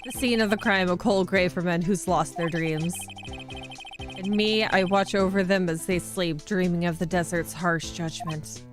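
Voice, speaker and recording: A woman voicing a laid-back cowboy lawman, reading his game lines slowly with a loose attempt at a Western twang. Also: lowish voice, fairly even intonation, faint music behind, lightly acted. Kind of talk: game dialogue read aloud.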